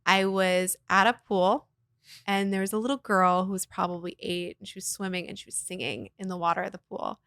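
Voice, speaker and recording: A woman talks in a relaxed interview as a voice teacher and guest. Her delivery is animated and expressive, with easy laughter, and her voice sits at an ordinary middle pitch. The sound is dry and close. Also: a little fast, dry recording. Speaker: guest, voice teacher and arts nonprofit founder. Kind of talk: casual interview conversation.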